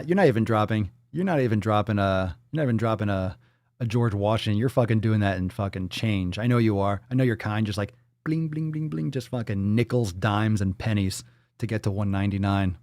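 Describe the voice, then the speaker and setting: A man's voice: lowish voice, brisk, darkish tone, no room sound, studio quality. A man hosting a livestream, reading out viewer donations and messages in casual, profane chat full of jokes and riffs. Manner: joking, profane and riffing off-the-cuff. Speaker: livestream host.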